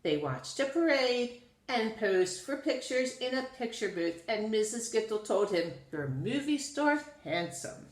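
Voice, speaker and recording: A woman reading a children's storybook aloud in an expressive, sing-song storytelling manner. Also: fairly high pitch, unhurried. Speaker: storybook reader. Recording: roomy echo.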